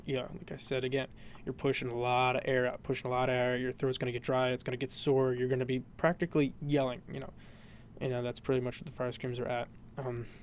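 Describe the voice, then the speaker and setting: A man's voice: medium pitch, slight background noise. A man explaining a vocal technique in a casual, rambling tutorial, full of fillers and "you know".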